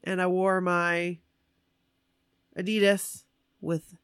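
A woman excitedly recounting a concert to a friend in casual chat, gushing and animated. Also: fairly low pitch, slow pace, smooth, no echo, studio quality. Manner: animated, gushing fan storytelling.

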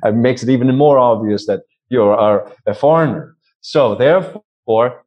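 A man's voice: medium pitch, unhurried, dull audio. A man from Sweden with a Swedish accent, a vocal coach explaining voice technique in an interview and demonstrating sounds aloud.

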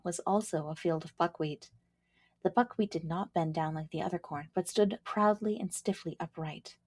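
A woman reading fairy tales aloud as a storybook narrator, in a gentle, measured storytelling manner on a close mic. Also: lowish voice, no room sound. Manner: gentle, measured storytelling with quick casual asides. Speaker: storybook reader and podcast host.

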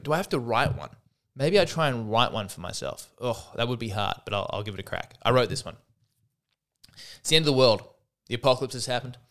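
A man's voice: mid-range voice, a bit bright, clear, resonant tone. A man with an Australian accent, hosting a solo comedy podcast in a wry, self-deprecating, rambling monologue.

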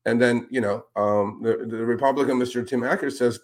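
A man hosting a talk show, speaking in casual, animated commentary that turns indignant as he calls out politicians with a pointed "sir". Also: mid-range voice, a little fast, few pauses. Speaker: podcast host.

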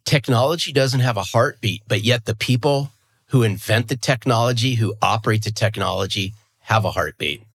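A man's voice: medium pitch, moderate pace, a bit bright, breathy edge. A man in his fifties, a guest in an interview, talking earnestly and with emphasis, often restarting and repeating words. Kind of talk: conversational interview.

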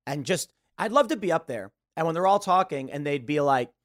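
A man's voice: fairly high pitch, a little fast, no echo, studio quality. A man hosting a show, giving blunt, opinionated political commentary and mimicking the people he talks about. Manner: blunt, animated, mimics others mid-rant. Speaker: show host.

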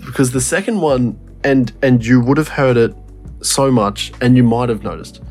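A man's voice: mid-range voice, normal speed, a little mellow. A man co-hosting a casual podcast, keenly explaining music production details and swearing as he goes. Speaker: podcast co-host. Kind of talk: casual chat.

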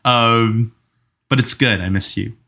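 A man hosting a casual movie podcast, chatting in person with friends, enthusiastic and quick to laugh, swearing casually. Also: mid-range voice, fairly even intonation, gravelly, bright, forceful tone. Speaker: podcast host. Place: room recorded together in person.

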